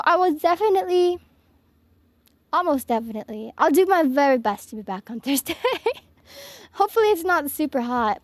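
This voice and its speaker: Young woman streamer, high voice, giggly and gushing, dry close mic. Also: dry recording. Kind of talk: casual stream sign-off chat. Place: home office.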